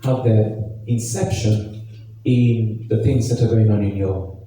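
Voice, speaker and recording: A man preaching a sermon as pastor, reading scripture expressively with emphatic pauses, recorded from a distance in a church hall. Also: on the low side, fairly even intonation, mellow. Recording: echoey church hall, distant mic, faint noise.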